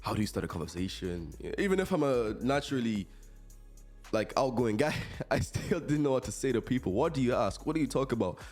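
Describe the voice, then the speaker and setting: An eighteen-year-old man hosting a podcast, telling stories from college in a chatty, animated way and laughing often. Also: mid-range voice, brisk, soft background music. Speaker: podcast host, college student. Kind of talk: casual storytelling.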